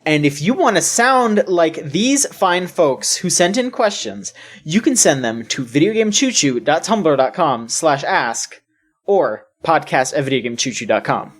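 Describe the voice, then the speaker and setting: A woman's voice: sits low, very animated, measured pace. A woman co-hosting a casual video game podcast, rambling with lots of fillers and restarts. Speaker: podcast co-host.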